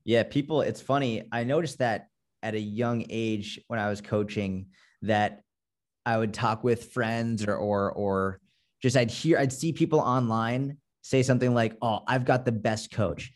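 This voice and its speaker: A man with a Boston accent chatting on a podcast as a fitness coach. He talks bluntly and with plenty of profanity, working up into an animated rant. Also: mid-range voice, measured pace. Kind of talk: casual podcast chat.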